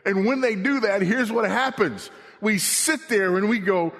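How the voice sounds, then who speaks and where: A middle-aged male pastor preaching a sermon, swinging between emphatic repeated warnings and hushed, low passages. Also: a little slow. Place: church sanctuary. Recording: long reverb of a church hall.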